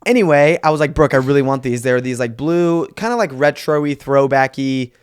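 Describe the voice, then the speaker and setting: A young adult man co-hosting a comedy podcast, telling stories in a relaxed way and teasing playfully in casual banter. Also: mid-range voice, normal speed, clean tone. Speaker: podcast co-host.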